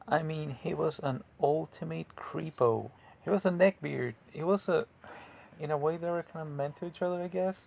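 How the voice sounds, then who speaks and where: A man's voice: mid-range voice, vocal fry, a little hiss or hum, low-quality recording. A man casually recapping and reviewing a TV episode, rambling and sarcastic with plenty of slang and fillers. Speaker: video host recapping a TV episode.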